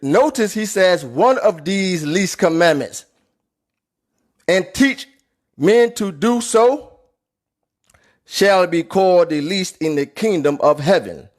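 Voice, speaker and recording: A man delivers a Bible lesson in an emphatic preaching voice. He rereads verses slowly and repeats himself for emphasis, his voice sitting a little high for a man. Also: animated. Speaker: Bible teacher. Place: New York City.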